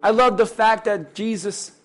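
High-voiced male pastor preaching. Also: measured pace, faint music behind. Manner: animated, rising to loud exclamations in acted asides. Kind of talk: sermon.

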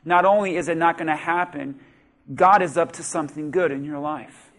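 A man's voice: a little high, steady tone, moderate pace, a bit bright. A man preaching a sermon as pastor, reading scripture and asking the congregation questions with rising intensity. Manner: talks directly to the congregation with questions.

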